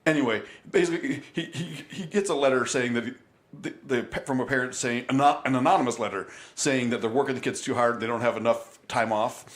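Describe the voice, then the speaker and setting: A man's voice: mid-range voice, a little fast. A man co-hosting a podcast, talking in casual chat with frequent restarts. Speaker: podcast co-host.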